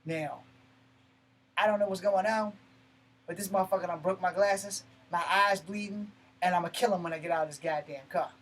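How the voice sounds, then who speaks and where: A man telling a personal story in a blunt, profane, animated way, breaking off and restarting mid-sentence. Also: high voice, normal speed, rough recording. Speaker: martial arts channel host. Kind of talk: personal story told to camera.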